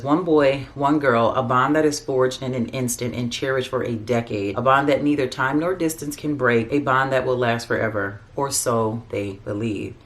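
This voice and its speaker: A woman chatting casually about books in a home vlog, animated and gushing, recorded in her bedroom. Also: rumbling low. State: out of breath. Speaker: booktuber. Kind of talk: casual book vlog chat. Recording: faint background noise.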